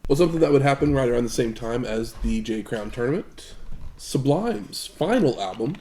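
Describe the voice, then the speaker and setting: Mellow dark-voiced cohost, short measured comments, a bit off mic with faint hiss. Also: male voice, medium pitch, animated. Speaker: podcast co-host. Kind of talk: casual chat.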